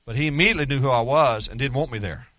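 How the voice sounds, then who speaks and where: A man's voice: medium pitch, rapid-fire, fairly bright tone, no echo. Earnest middle-aged male pastor preaching. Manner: storytelling, earnest, self-deprecating humor. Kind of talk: sermon.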